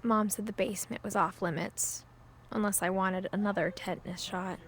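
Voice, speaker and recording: An actress voicing a young woman who quietly narrates her family's strange past in a video game, in scripted narration. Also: medium pitch, fairly even intonation, normal speed, slight background noise, natural voice. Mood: wistful.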